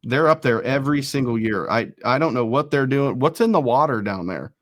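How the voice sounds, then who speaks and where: A man hosting a relaxed sports talk show rattles off ranking lists quickly, slipping in self-deprecating quips between entries. His middle-pitched voice has lively intonation and is captured close and dry, without any room sound.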